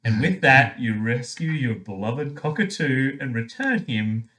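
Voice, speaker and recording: A man's voice: mid-range voice, lively intonation, measured pace, pushed and bright. A man playing a tabletop game, reading game text aloud in a playful way.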